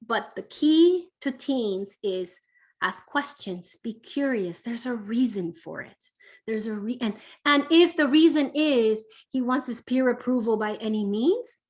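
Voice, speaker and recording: A woman's voice: a little high, expressive, a little slow. A woman parenting expert answering viewer questions on a live online Q&A, speaking in a conversational coaching way with many fillers. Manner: warm conversational coaching, frequent fillers, reads questions aloud. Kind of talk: live online Q&A, casual advice.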